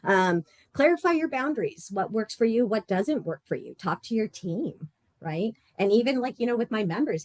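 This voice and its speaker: A woman's voice: mid-range voice, expressive, moderate pace, darkish tone, no echo. A woman leading a support group session in a casual, playful and blunt way, laughing often.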